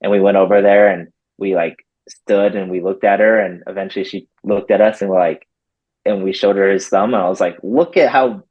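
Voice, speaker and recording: A man's voice: low voice, brisk, highs cut off. A man, a dog trainer, telling a story in a casual interview and acting out what people said, with lots of "like". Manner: animated, acts out quotes with lots of "like".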